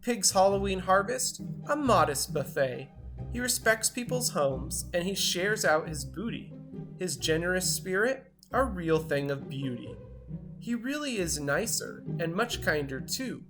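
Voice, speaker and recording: A woman reading a rhyming picture book aloud in a measured, expressive storytelling voice. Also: lowish voice. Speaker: storybook reader. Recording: narration over clear background music.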